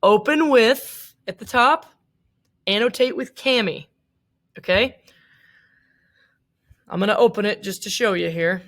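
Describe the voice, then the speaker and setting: A woman's voice: mid-range voice, a little slow, pauses often, a bit bright. A young woman teacher giving a casual recorded lecture, chatty, with many fillers and asides.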